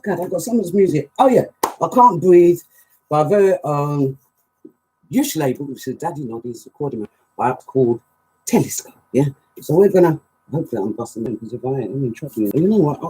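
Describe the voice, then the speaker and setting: A woman hosting a live music show, reading out chat shout-outs in a casual, animated way. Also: low-pitched, brisk, breathy edge. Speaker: radio show host and DJ. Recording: music playing underneath.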